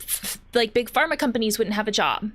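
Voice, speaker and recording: A woman therapist talks casually about anxiety while playing a video game, her voice highish, animated, brisk and a bit bright. She's thoughtful yet chatty, filling her commentary with fillers and frequent restarts.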